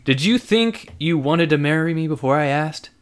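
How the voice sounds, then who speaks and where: Insistent, lively young man, read by a male narrator; raised pitch. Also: normal speed, clean tone, lightly acted. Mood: pleading. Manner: pleading, insistent. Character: young man, persistent, odd sudden charm.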